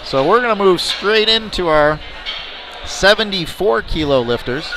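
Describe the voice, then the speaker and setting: A man's voice: high voice, expressive, a little slow, over music. A man announcing lifts at a powerlifting meet, with chatty, joking asides between attempts. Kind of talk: live powerlifting commentary. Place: indoor competition venue. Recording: noisy arena ambience.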